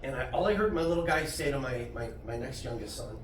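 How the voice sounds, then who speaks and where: A man's voice: mid-range voice, lively intonation, fast, distant mic. A middle-aged man doing a stand-up comedy set at a club, telling crude, self-deprecating stories about his family. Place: comedy club stage with audience. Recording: roomy club sound from afar, noisy.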